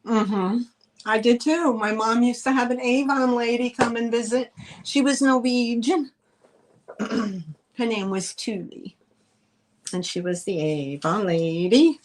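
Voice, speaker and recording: A woman's voice: a little high, takes it slowly, long pauses. A middle-aged woman hosting a live online sale, chatting in a rambling, easygoing way and laughing easily as she shows items. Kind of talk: casual live-stream selling chat.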